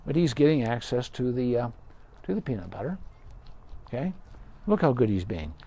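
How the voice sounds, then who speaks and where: A man's voice: medium pitch, very animated, moderate pace, mellow. A middle-aged man, a veterinarian, patiently explaining dog care step by step in a live question-and-answer session, with folksy sayings.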